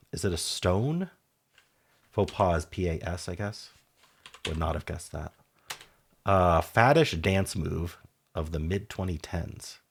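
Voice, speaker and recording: Low-voiced man musing over puzzles. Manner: muses half to himself, trails off, sudden brighter asides. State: sore throat. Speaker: puzzle game streamer. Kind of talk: casual thinking aloud while solving puzzles.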